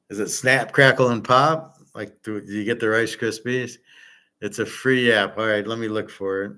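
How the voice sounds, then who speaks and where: A man with a somewhat low voice talks loosely to his viewers, hopping from one subject to the next. He is blunt and opinionated and never sounds scripted. It is relaxed, unpolished stream chatter. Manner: blunt, opinionated, wandering from topic to topic. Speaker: livestream host answering chat. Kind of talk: casual rambling chat.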